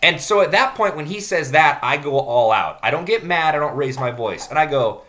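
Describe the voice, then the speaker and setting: A man telling a rambling, profane work story in casual podcast chat. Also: mid-range voice. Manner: animated, profane, fast-building rant.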